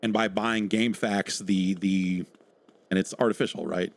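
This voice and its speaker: Low-voiced swearing man on a podcast. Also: steady tone, moderate pace. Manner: rambling and profane, breaks into loud mock quotes. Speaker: podcast host recalling work in online game media. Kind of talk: casual chat with gameplay.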